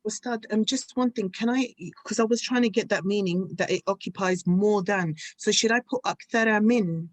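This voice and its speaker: A woman's voice: mid-range voice, a little fast, hardly any pauses, no room sound. Woman student explaining her sentence kinda hesitantly, dry mic. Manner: hesitant, careful. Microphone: video call.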